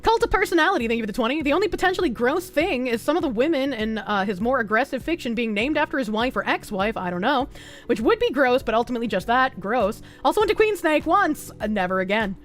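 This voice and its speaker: A high-pitched woman with a thick Boston accent chats loosely with her viewers and swears freely. Faint music runs quietly under her voice. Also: big pitch swings. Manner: loose, profane, quick to laugh. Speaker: streamer. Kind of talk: casual chat reading viewer comments.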